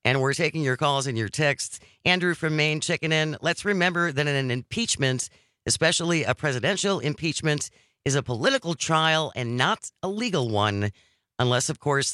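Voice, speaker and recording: A man hosts a live talk radio show, his voice bright and forward. He reads listener texts and news items in a wry, chatty way. The studio mic sounds close and dry. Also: medium pitch, animated, normal speed, no room sound. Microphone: studio microphone.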